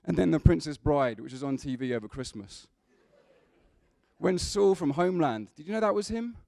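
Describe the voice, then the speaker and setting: A man's voice: fairly high pitch, animated, moderate pace, gravelly, mellow, no echo. A man preaching a sermon in a church, conversational, with humorous asides to the congregation.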